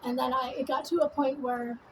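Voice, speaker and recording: A woman's voice: high-pitched, steady tone, a little fast, a little hiss or hum, rough recording. Rambling, foul-mouthed woman vlogger. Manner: rambling, profane, many fillers. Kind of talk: casual rambling monologue. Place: at home doing her makeup.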